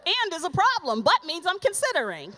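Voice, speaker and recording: A woman doing stand-up comedy on stage, her fairly high voice swooping up and down as she tells the story. She is sassy and animated and acts out the conversations in her tale. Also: a little fast. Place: stage before a live audience.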